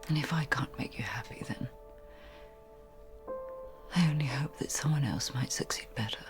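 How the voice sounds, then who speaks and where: A woman's voice: rumbling low, normal speed, in a whisper, over music. An actress playing a bold, determined woman landowner in a period TV drama, speaking assertively. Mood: tender.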